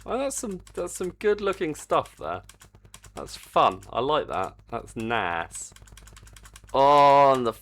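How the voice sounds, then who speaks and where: A man live-streaming his game development, chatting casually and excitably, swearing freely, into a desk microphone on a stand. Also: medium pitch, slow pace. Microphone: desk mic on a stand.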